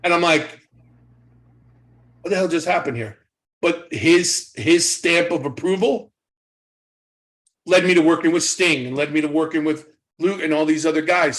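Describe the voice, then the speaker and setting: On a rough recording, a high-voiced former pro wrestler in his fifties spins stories during a casual interview. He's an animated storyteller who performs the dialogue as he quotes it.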